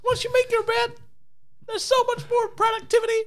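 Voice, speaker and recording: A man putting on a thin, girlish, high voice to mock a pundit. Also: monotone, fairly quick, fairly bright tone.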